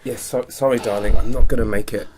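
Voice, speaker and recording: A man's voice: medium pitch, fairly even intonation, quick pace, dark tone, natural voice. A man playing a fed-up stranded commuter. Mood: exasperated. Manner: exasperated, indignant. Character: flustered male commuter stuck with a late train. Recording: heavy background noise.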